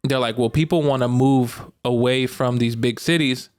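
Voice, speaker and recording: A young man from Arkansas, co-hosting a podcast in a relaxed, slangy chat, laughing often. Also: medium pitch, moderate pace, smooth. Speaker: podcast co-host. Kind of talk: casual chat.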